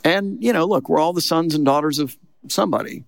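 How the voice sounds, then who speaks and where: A man's voice: fairly high pitch, fairly quick, gravelly, dry recording, studio quality. A man preaching a sermon as a pastor, in a conversational, emphatic way that keeps checking in with the listeners. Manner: conversational, emphatic preaching with frequent "look" and "okay".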